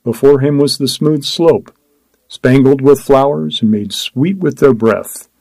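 A man narrating a story aloud in a measured, descriptive reading. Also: medium pitch, creaky, darkish tone, no echo, poor audio. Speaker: audiobook narrator. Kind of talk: scripted narration.

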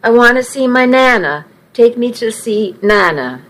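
A woman's voice: on the high side, expressive, measured pace, a bit bright, low-quality recording. A woman voicing a tearful young bride who was jilted at the church, in a pleading manner. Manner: weepy, pleading.

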